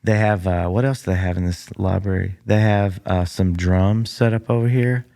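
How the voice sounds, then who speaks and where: Solo comedy host, man with a deep, raspy-fry voice; dry, meandering, filler-heavy. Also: steady tone, moderate pace, dark tone. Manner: rambling, dry, many fillers. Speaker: podcast host. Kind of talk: casual comedic monologue. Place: room in a public library. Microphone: studio mic that picks up the room.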